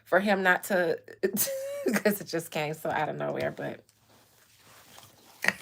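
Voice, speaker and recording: A woman hosting a casual livestream, telling stories in a candid, animated way with blunt language. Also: on the low side, slow, vocal fry, husky. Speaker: real estate agent and livestream host.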